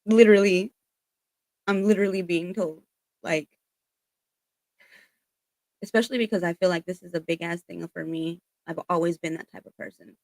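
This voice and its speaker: Woman tarot reader, low-ish voice, earnest, emphatic and profane, casual spiritual reading, dry close sound. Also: steady tone, normal speed, pauses often, a little mellow, no echo. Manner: emphatic and earnest, swears freely, relays messages.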